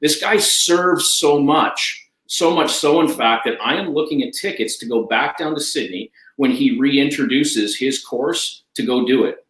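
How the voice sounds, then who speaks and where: An enthusiastic man, a life coach speaking as a guest, who hammers home his points by repeating them. His voice sits at a middle pitch. It rings with a roomy echo. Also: a little slow, fairly bright tone. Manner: enthusiastic, emphatic, repeats key phrases. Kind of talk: energetic conversational talk.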